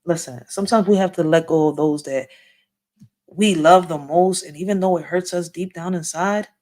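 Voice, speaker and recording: This livestream host has a warm voice on the low side and a moderate pace. Telling stories casually to her viewers, she's blunt and profane, talking streetwise and saying "yo" and "like" repeatedly.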